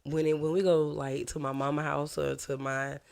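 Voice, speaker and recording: A woman's voice: low voice, level tone, normal speed, gravelly, darkish tone. A woman from Georgia with a Georgia Southern accent, a podcast guest chatting casually and telling easygoing stories. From Macon, Georgia. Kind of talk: casual chat.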